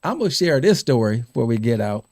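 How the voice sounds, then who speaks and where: Gravelly middle-aged man telling stories. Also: mid-range voice, quick pace, dry recording, clean studio sound. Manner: animated storyteller, laughs and repeats words. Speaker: podcast host. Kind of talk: casual storytelling chat.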